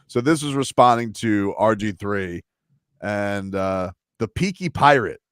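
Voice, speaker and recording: A man co-hosting sports talk radio, measured and wry, teasing his co-workers in casual talk. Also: on the low side, lively intonation, fairly bright tone, clear, resonant tone, no room sound, clean studio sound.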